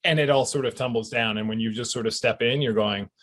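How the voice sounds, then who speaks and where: Relaxed Canadian man, mid-pitched. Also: fast talker. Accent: Canadian English. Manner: relaxed and reflective, with chuckles and many fillers. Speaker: actor guest. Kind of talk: casual interview chat.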